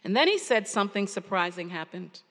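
A woman preacher giving a sermon, earnest and storytelling with pauses, in a church sanctuary. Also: medium pitch, sing-song, a bit bright. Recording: long hall reverb.

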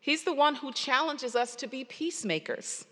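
A woman preacher giving a sermon, earnest and storytelling with pauses, in a church sanctuary. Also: sits high, expressive, a bit bright. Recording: long hall reverb.

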